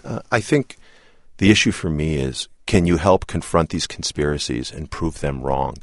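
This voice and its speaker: A man answering interview questions in an earnest, deliberate way. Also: a bass voice, expressive, no echo, studio quality. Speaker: interview guest.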